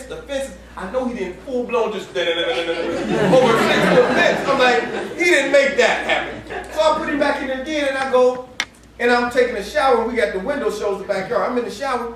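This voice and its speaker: A man preaching in a high, animated voice, telling his story with plenty of laughter and casual slang. He is heard from a distance in a very echoey hall, with faint noise underneath. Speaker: campus ministry preacher. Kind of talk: storytelling sermon. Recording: echoey room heard from far off.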